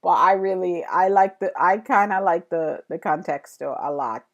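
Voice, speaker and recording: A woman's voice: on the low side, normal speed, lo-fi sound. Chatty woman streaming while drawing. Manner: chatty, thanks viewers, many fillers and restarts. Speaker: illustrator live-streaming a drawing session. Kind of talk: casual live-stream chat with viewers.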